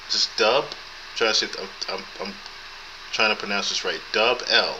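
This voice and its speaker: Deep-voiced man on a noisy camera mic. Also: moderate pace, bright, forceful tone. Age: 30s. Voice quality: thin voice. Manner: laid-back, profane, chuckling. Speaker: podcast host. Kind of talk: casual live-stream chat. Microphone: built-in camera mic.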